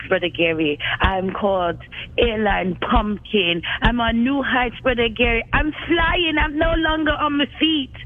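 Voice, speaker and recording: A male caller on a radio call-in show, talking in an exuberant, preachy, theatrical way. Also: high-pitched. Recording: tinny phone line.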